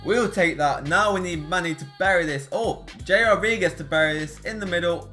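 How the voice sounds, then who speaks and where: A young man commentating live on his own football video game matches, excitable and swinging between groans and shouts. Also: sits high, normal speed, hardly any pauses, soft background music. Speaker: gaming YouTuber.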